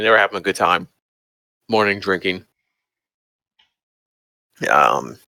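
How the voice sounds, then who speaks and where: A man's voice: deep voice, bright, forceful tone, no echo, poor audio. Young man narrating as game master. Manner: casual, filler-heavy storytelling.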